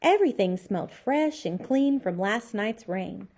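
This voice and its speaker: A woman teacher reading a children's chapter book aloud with expressive storybook delivery. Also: medium pitch, unhurried.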